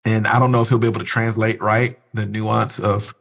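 A man's voice: on the low side, brisk, gravelly. A man who is a pastor, speaking earnestly and reflectively in a conversational interview. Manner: earnest, reflective, breaks into animated imitations.

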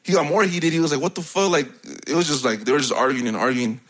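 A man's voice: medium pitch, expressive, fast talker, fairly bright tone, slight background noise. Young man, casual chat, slangy, profane, rambling storyteller, laughs a lot. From United States.

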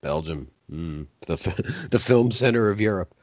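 A man's voice: on the low side, expressive, measured pace, no echo, muffled recording. A man co-hosting a casual film podcast, joking dryly and reading listener comments aloud. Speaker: podcast co-host.

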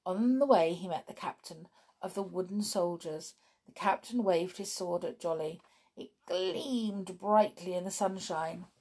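A woman reading a children's story aloud in a gentle, expressive way. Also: fairly low pitch, unhurried, husky.

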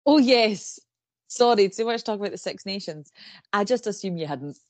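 A woman's voice: medium pitch, animated, normal speed, a little mellow, no echo. A woman co-hosting a true-crime podcast, chatting casually in a rambling way and laughing often. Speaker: podcast co-host.

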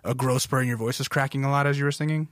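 A man's voice: mid-range voice, steady tone, very fast, a bit bright, no echo. A male host with a mid-range voice asks loose, rambling questions and backs his guest up with easy agreement. His voice is dry and close to the mic. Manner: chatty, fumbling questions, agreeable. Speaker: podcast host. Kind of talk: casual interview chat.

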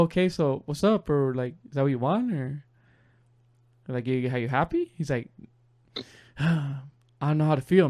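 Young man, podcast co-host, rambling storyteller, slightly high voice, laughs a lot, dry close sound. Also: no room sound. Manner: rambling, laughs often, quotes others in a low voice. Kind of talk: casual storytelling chat.

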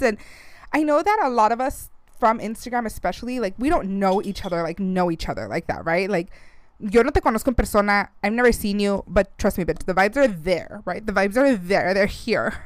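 A woman's voice: mid-range voice, animated, brisk, no echo. A woman in her thirties hosting a casual podcast, chatty and close to tears, slipping Spanish phrases into her talk. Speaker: podcast host. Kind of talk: casual chat.

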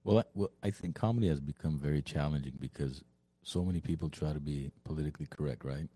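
A man's voice: rumbling low, fast talker, warm tone, no room sound. A man co-hosting a podcast who tells anecdotes casually and laughs often. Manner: laughs often while talking. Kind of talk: casual chat.

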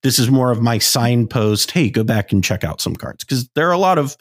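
Podcast cohost guy, thinks out loud, lots of uhs, mid pitch, dry close sound. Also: expressive, a little fast, no echo. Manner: thoughtful, hedging, frequent fillers and restarts. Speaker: podcast co-host. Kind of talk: casual podcast chat.

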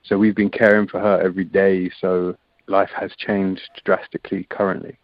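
A man's voice: sits low, flat delivery, moderate pace, dry recording, dull audio. An English man and rugby player talking as a guest in a casual chat, laid-back, often saying "man". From England. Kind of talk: casual interview over a phone line. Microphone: phone or call line.

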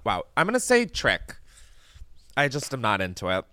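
A man hosting a podcast in casual chat, animated and chatty, swearing freely and laughing often. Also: mid-range voice, moderate pace, dry recording, studio quality. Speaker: podcast host. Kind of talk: casual chat, candy taste test.

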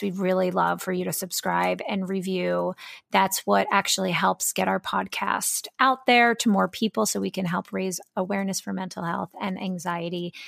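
Woman podcast co-host, casual chat, slightly gravelly voice, dry close sound. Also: mid-range voice, no room sound. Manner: chatty, warm-hearted, rambling with fillers.

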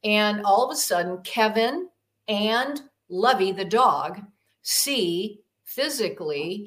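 A woman's voice: medium pitch, fairly bright tone. A woman guest telling a personal story in an interview, rambling with many fillers and acting out the voices she quotes. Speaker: podcast guest, demonologist.

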